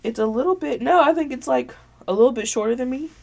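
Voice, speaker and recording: A woman's voice: sits high, quick pace, vocal fry, a little mellow. A woman hosting her podcast in casual show-and-tell chat, gushing and sentimental, with lots of filler words. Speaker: podcast host.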